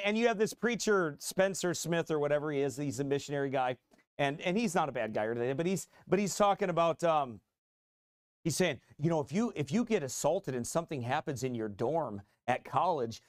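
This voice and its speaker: A middle-aged man, a pastor preaching a fiery, combative sermon that rises to shouts. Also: a little high, dry recording, clean studio sound. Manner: combative, mocking, repeats phrases, rising to shouts.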